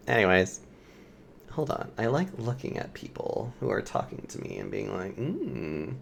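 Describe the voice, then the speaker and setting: A game streamer chatting casually during a let's-play, in a giggly, animated manner. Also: medium pitch, a little slow, gravelly, a little hiss or hum. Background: game music.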